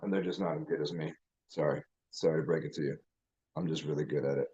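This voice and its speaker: A man's voice: very deep voice, steady tone, fast, dark tone, breathy edge, lo-fi sound. A man hosting his channel, ranting in a rambling, profane way with lots of restarts. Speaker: channel host. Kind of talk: casual livestream rant.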